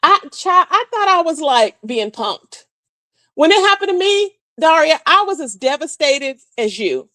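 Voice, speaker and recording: A woman's voice: high-pitched, unhurried, no echo. A woman hosting a casual livestream, sassily commenting on reality-show gossip and greeting chat viewers. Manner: sassy, animated, talks straight to chat viewers. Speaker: livestream host.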